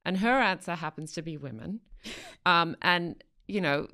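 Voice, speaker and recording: A woman's voice: lowish voice, normal speed, sharp tone. A woman co-hosting a podcast, giving wry, sardonic commentary in casual chat. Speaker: podcast co-host.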